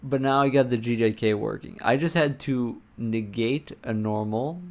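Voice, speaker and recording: A man livestreaming while he codes, muttering to himself, swearing and breaking into excited bursts, with keyboard typing behind him. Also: mid-range voice, moderate pace, hardly any pauses. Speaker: livestreamer coding a game. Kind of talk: casual live-coding stream talk.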